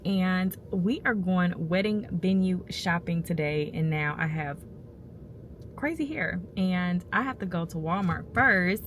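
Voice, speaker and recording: A woman's voice: lowish voice, fairly bright tone, a little hiss or hum. Chatty woman vlogging. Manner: chatty, storytelling, addresses viewers as y'all. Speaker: vlogger and mother. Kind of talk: casual vlog chat.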